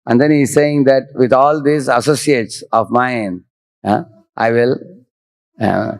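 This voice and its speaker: In a dry recording, a man with a mid-range voice and some vocal fry gives a devotional scripture lecture. He chants Sanskrit verses and explains each one line by line, frequently saying "he's saying."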